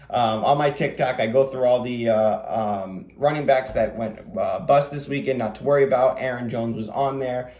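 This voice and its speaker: A man hosting a fantasy football show, talking quickly in a casual, rambling way with lots of fillers. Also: mid-range voice, steady tone, a little mellow, reverberant. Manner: rapid, rambling delivery with many fillers. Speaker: fantasy football podcast host. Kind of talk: casual solo commentary.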